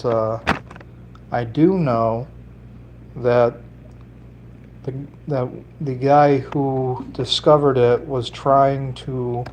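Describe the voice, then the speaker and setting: A livestreamer crafting fishing lures rambles and jokes with his viewers as he works with his hands, using a slight put-on Italian lilt. His mid-range voice has a darkish tone, with slight background noise.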